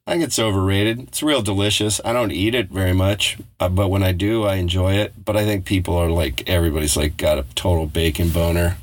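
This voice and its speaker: A man's voice: sits low, steady tone, fairly quick, few pauses. A middle-aged man co-hosting a podcast in casual chat, blunt and profane, laughing often. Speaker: podcast co-host.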